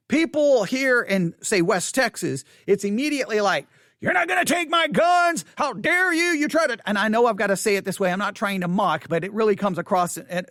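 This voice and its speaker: A man's voice: high voice, fairly bright tone, dry recording, clean studio sound. A man hosting a theology podcast, talking in an emphatic, opinionated monologue full of repetition and wry asides. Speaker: podcast host. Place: West Texas.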